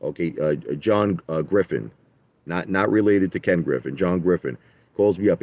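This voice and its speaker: A man's voice: low-pitched, moderate pace, darkish tone, a little hiss or hum. A man hosting a livestream, talking in a defensive, repetitive, emphatic rant. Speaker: livestream host. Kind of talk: ranting livestream monologue.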